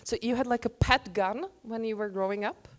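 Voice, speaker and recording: A woman runs an on-stage convention Q&A, her voice a little higher than most women's. She puts in short questions and teasing asides. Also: brisk. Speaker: interviewer.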